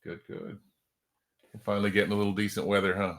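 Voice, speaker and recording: A man's voice: on the low side, level tone, fast, fairly bright tone. A man hosting a casual video call chat, talking in a rambling way with frequent restarts. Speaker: host.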